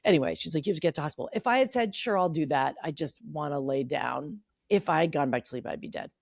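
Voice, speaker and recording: A woman's voice: deep voice, lively intonation, fast talker, vocal fry, no room sound, clean studio sound. A woman in her forties, a podcast co-host, telling a story in candid casual chat, swearing freely and acting out what people said. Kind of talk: casual chat among sisters.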